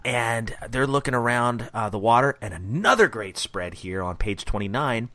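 A man's voice: mid-range voice, animated, moderate pace, pushed and bright, no room sound. A man hosting a casual comic book review chat, enthusiastic and a bit rambling. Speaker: podcast host.

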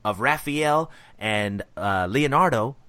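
A man's voice: medium pitch, expressive, slow, sharp tone, clean tone, dry recording. Enthusiastic man hosting a comic chat. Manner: enthusiastic, rambling with fillers. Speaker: podcast host. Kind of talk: casual comic book review chat.

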